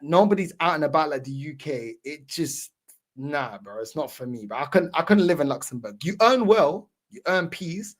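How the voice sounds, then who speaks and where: A man telling a story in casual chat, animated and laughing, with a lot of slang. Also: on the high side.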